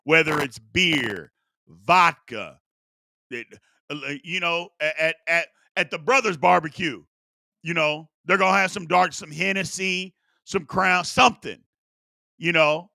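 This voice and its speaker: A man's voice: fairly high pitch, measured pace, creaky, dry recording, studio quality. A man hosting a live-streamed talk show, chatting playfully with viewers and repeating his points for emphasis. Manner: animated, repetitive, playful asides. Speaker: sports talk show host.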